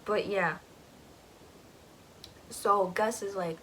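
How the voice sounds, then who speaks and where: A woman's voice: mid-range voice, unhurried, slight background noise, low-quality recording. A woman casually recapping a book, rambling, with lots of filler words.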